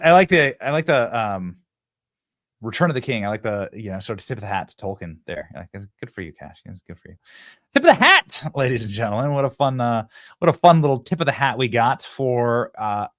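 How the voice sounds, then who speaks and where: A man's voice: mid-range voice, a little fast, no room sound, clean studio sound. A man hosting a political commentary show, mocking and sarcastic as he reacts to news and interviews a guest. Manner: mocking, sarcastic, animated delivery. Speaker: show host.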